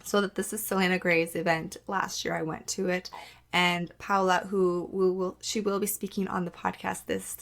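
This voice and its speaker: A woman's voice: on the low side, little pitch movement, moderate pace, fairly bright tone. A woman hosting her own podcast, talking candidly in a casual, conversational way, full of "like" and acting out the things she once said. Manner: candid, conversational, many "like" fillers, acts out her own past remarks. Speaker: podcast host. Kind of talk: casual solo podcast monologue.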